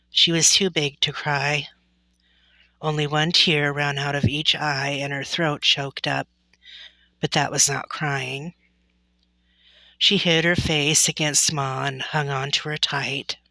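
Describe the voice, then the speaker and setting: A woman reading a chapter book aloud, slow and even. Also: sits low, creaky, no room sound. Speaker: storybook reader. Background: faint music.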